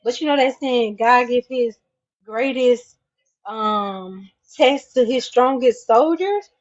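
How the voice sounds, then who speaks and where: High-voiced woman preaching her testimony. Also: slow pace. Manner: preacherly, repeating lines for emphasis; swings from low and hushed to loud and high. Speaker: mother speaking out on her own channel. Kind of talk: impassioned spoken testimony. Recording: dull lo-fi recording.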